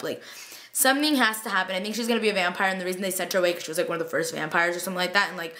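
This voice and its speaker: Young woman rambling fast about a tv episode, tired late at night, says like a lot, mid-pitched voice. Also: bright, forceful tone. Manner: gushing, lots of "like", quotes characters in paraphrase. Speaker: vlogger reviewing a TV episode. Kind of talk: casual chatty recap.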